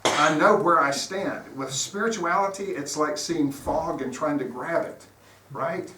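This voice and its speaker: His voice runs high, bright and forceful, and he speaks a little slowly. The man is a guest preacher giving an informal sermon full of stories, earnest and conversational in manner. The distant mic picks up a roomy sanctuary and faint noise.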